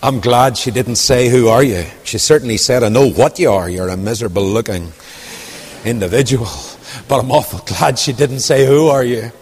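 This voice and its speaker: A man with a lilt preaching a storytelling sermon, dropping to quiet asides and rising to loud, ringing declamation. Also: mid-range voice, moderate pace, slightly rough. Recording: long hall reverb.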